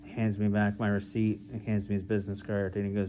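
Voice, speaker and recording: A young man doing a halting, deadpan stand-up set over a video call, full of fillers. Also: on the low side, slight background noise. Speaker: stand-up comedian.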